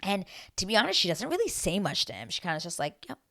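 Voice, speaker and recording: Lower-voiced woman, animated and swearing. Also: fast. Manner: animated, swears freely, acts out quotes. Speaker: reality TV recap host. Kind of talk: casual recap chat to camera. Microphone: self-filmed camera.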